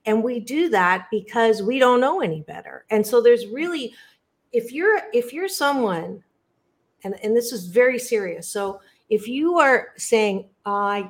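A woman's voice: a little high, expressive, normal speed. A middle-aged woman psychologist, a guest in a podcast interview, telling her own story earnestly and addressing listeners directly with lingering stress on key words.

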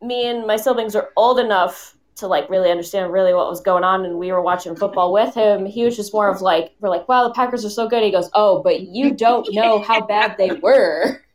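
A woman's voice: medium pitch, fairly even intonation, fast, few pauses. A woman guest in casual chat, talking loosely with lots of fillers and some swearing.

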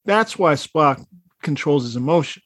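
A man in casual conversation, telling stories in a heated, animated way with plenty of swearing. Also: fairly high pitch, moderate pace, dry recording, studio quality. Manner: animated, profane, heated storytelling. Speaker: podcast co-host. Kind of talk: casual chat.

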